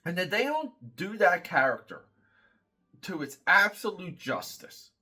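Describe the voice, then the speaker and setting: A man's voice: sits high, sing-song, unhurried, pushed and bright, slightly rough. A man hosting a casual comic book review, rambling and critical, with many fillers and restarts.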